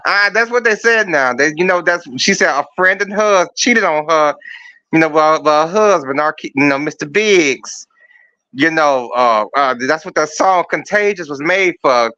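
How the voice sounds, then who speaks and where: A man's voice: fairly high pitch, expressive, moderate pace, sharp tone, clear, resonant tone. A man calling in with a profane, mocking comedic rant, telling stories about a scandal. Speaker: caller. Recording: dull lo-fi dry sound.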